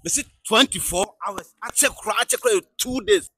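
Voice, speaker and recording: Actor as a whiny complainer in a comedy skit, high husky voice, dry sound. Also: male voice, brisk, sharp tone, no room sound, heavily acted. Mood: complaining. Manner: whiny, repeats the same complaint over and over.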